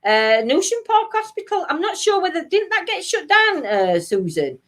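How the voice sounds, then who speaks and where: A Sheffield woman with a South Yorkshire accent co-hosts a casual live-stream talk show, chatting and reading viewer comments aloud. Her voice is very high and a bit bright, very animated at a moderate pace, and she's giggly, often bursting into laughter.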